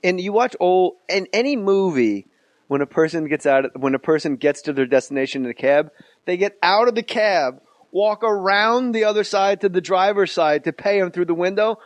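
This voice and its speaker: A man hosting a podcast, cutting in with quick, playful jokes and asides. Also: sits high, lively intonation, dry recording. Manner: quick joking interjections, playful. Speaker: podcast host. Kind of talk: casual podcast banter.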